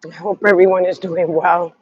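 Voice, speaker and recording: Congested man, high voice, rambling outdoor live streamer, dry lo-fi phone sound. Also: flat delivery, normal speed, slightly rough. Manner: rambling, talks to viewers, trails off. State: congested from sinus trouble. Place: outdoors walking a city street.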